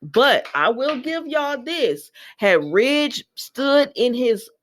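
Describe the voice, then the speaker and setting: A woman's voice: sits high, takes it slowly. Chatty woman recapping a soap, slangy. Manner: animated, slangy, talks straight to viewers.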